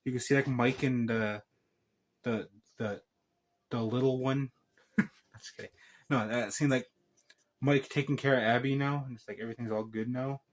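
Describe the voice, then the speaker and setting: A man's voice: mid-range voice, fairly even intonation, normal speed, long pauses. A man talking casually and rambling through a film review, stopping himself with joking asides and restarts. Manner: meandering, self-interrupting, joking asides. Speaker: channel host reviewing a film.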